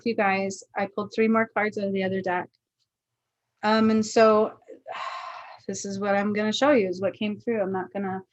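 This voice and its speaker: A woman's voice: mid-range voice, no room sound, poor audio. A woman giving a casual livestream card reading, earnest, often checking in with her viewers. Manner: earnest, keeps checking in with "okay?". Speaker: spiritual card reader.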